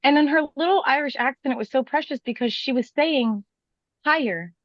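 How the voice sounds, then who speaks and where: A woman who is a guest on a casual morning livestream, telling stories in an animated, drawn-out way. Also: high voice, no echo. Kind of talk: casual chat, storytelling. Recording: slightly dull dry audio.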